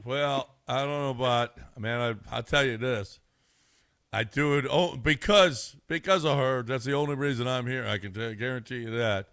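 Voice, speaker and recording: A middle-aged man in casual sports radio banter, rambling and repeating himself, quick to laugh. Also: mid-range voice, a bit bright, clear, resonant tone, no room sound, studio quality. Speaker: radio show regular.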